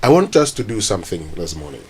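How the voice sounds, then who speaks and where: A deep, sing-song male voice with a breathy edge, talking fast in a Ghanaian accent. He hosts a morning radio show, chatting casually and reading newspaper headlines aloud in a conversational way.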